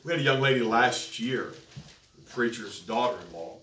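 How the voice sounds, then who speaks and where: A man's voice: mid-range voice, moderate pace, sharp tone. A man preaching a sermon, telling a story and building to emphatic peaks. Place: church sanctuary. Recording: echoey church, distant mic, faint noise.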